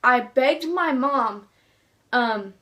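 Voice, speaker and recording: A woman's voice: high-pitched, lively intonation, drawn-out words, a bit bright. A teenage girl vlogging about books she loves, gushing and rambling with many restarts. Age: teens. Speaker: book vlogger. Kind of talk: casual chat to camera.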